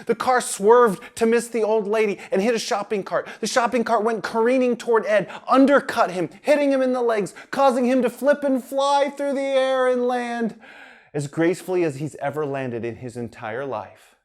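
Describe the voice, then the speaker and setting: A man narrating a children's story in an animated, playful way. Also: very high voice, moderate pace.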